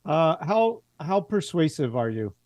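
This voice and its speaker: A man's voice: on the high side, very animated, a little slow, dry recording, highs cut off. A man narrating as game master, rambling and hesitant, with many filler words.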